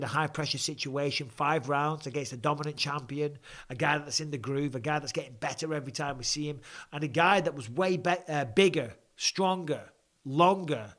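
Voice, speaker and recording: A man's voice: on the high side, fairly bright tone. A man hosting a live fan Q&A, talking through a blocked nose in a chatty, off-the-cuff way. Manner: chatty, restarts and asides. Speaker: host. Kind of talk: live reaction and fan Q&A chat.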